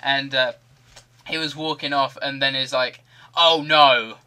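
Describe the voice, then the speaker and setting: A man's voice: medium pitch, level tone, normal speed, bright, forceful tone, clear, resonant tone. A man giving rambling, jokey commentary over a video game. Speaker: gaming commentator.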